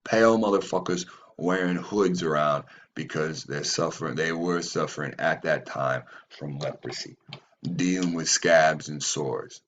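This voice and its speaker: Male host, low and unhurried delivery, profane, rambling commentary over read passages. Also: muffled recording. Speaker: channel host. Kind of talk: reading aloud and commenting.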